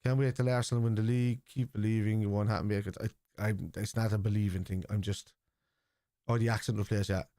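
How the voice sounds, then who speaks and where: A man with a low, warm, mellow voice chats through a live football stream. He sounds blunt and opinionated, swearing freely and hammering the same points home. The sound is close and dry. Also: flat delivery, quick pace, dry recording. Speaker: host of a football watchalong stream. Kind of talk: casual live commentary and chat.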